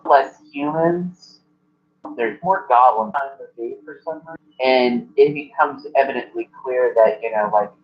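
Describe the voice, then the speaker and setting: A man narrating as game master in a relaxed, meandering way with plenty of fillers. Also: mid-range voice, muffled recording.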